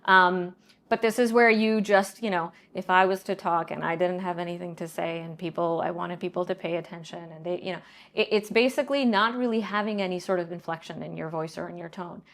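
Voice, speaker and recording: A middle-aged woman answering interview questions in a measured, explanatory way, often pausing to check in with "right?". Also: on the low side, steady tone, gravelly. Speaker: guest, banking leader and professor.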